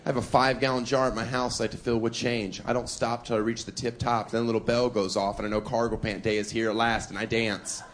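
A man doing a live stand-up routine on a comedy club stage, cheeky, with deadpan asides and chuckles at his own jokes. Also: medium pitch, fast talker, hardly any pauses, slight background noise.

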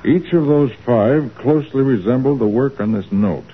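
An actor playing a calm, methodical detective in 1940s radio acting style. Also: male voice, medium pitch, slightly rough, phone-quality sound, lightly acted. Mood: focused. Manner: brisk, businesslike. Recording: scratchy old radio broadcast with faint hiss.

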